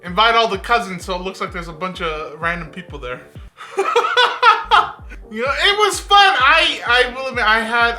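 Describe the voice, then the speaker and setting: A woman's voice: mid-range voice, bright, forceful tone. Sassy laughing woman reacting. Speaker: YouTuber reacting to videos. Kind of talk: reaction commentary.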